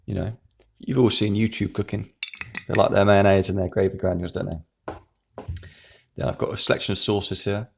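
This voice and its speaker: Man, deep voice, gravelly, rambling casual vlog chat, talking with his mouth full. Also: level tone, fairly quick, pauses often. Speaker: YouTube channel host. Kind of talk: casual chat while eating.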